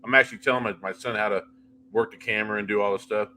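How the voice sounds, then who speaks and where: A middle-aged man, a paranormal investigator, telling animated anecdotes in a casual interview and often restarting his sentences. He talks freely, piling one example onto the next. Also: fairly low pitch, very fast, a little hiss or hum.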